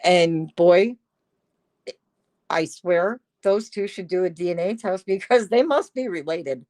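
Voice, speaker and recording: A woman with a slightly low voice and an unhurried pace, chatting casually to her livestream viewers. She talks into her phone's microphone with no room echo, and she is sarcastic and laughs a lot. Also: animated, a little mellow. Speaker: livestream host. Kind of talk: casual live-stream chat.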